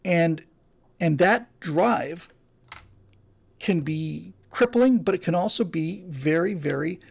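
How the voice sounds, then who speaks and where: A man's voice: on the high side, animated, slow, creaky, slightly rough. A man hosting a podcast, talking in a casual, emphatic monologue with frequent restarts. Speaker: podcast host.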